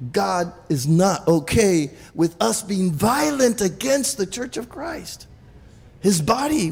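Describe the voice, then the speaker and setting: A man preaching with a high, gravelly voice that rings out in a hall with a long reverb. He is animated, stumbles and repeats words, and keeps calling for amens from the congregation. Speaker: pastor. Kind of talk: sermon.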